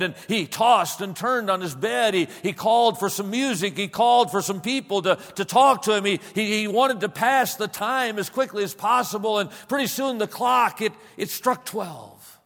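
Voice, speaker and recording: A man preaching, telling a story dramatically, swinging between loud passages and hushed ones, recorded with a long hall reverb. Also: high voice, normal speed, gravelly, hardly any pauses. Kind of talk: sermon storytelling.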